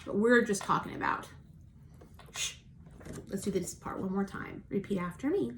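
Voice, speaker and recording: A woman teacher giving a recorded phonics lesson for young children, slowly modelling sounds for them to repeat and praising them patiently. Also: mid-range voice, lively intonation, slight background noise. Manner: encouraging, patient. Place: at home.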